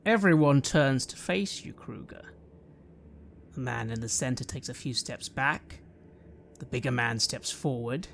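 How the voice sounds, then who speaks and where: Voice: medium pitch, a little slow, creaky, a little hiss or hum. A game master narrating scenes and calling for dice rolls in a tabletop game. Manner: lively descriptive narration.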